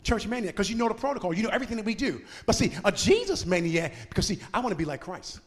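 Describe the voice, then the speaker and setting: A male pastor preaches in a high, ringing voice, talking fast with big pitch swings. He rises into shouted, half-sung cadences, then falls back to low, chatty asides for the congregation, all carried by a church sanctuary's long reverb.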